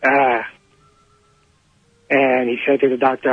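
Husky male caller on a dry line. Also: mid-range voice, flat delivery, a little slow, no room sound, faint music behind. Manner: rambling joke-telling with fillers. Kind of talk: telling a joke on a call-in show. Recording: dry, muffled phone-line call.

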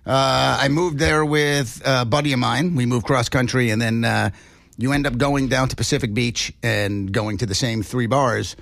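A male host with a gravelly, creaky voice riffs sarcastically through the news. His delivery is jokey and casual. The sound is close and dry, with no room around it. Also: mid-range voice, fairly even intonation, normal speed, a bit bright, no room sound. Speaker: podcast host. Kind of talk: casual comedic news chat.

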